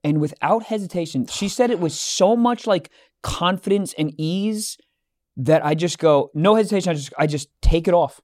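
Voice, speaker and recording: A young man co-hosting a podcast, telling a story in casual chat, animated, acting out both sides of an argument and swearing freely. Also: sits high, moderate pace. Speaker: podcast co-host.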